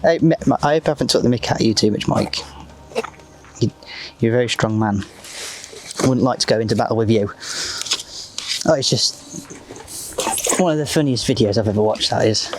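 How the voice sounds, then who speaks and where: A man's voice: lowish voice, moderate pace, pauses often, slight background noise. Chatty man commentating while fishing. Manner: chatty, rambling, leans on fillers like "just". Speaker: match angler presenting the video. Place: outdoors at a fishing lake.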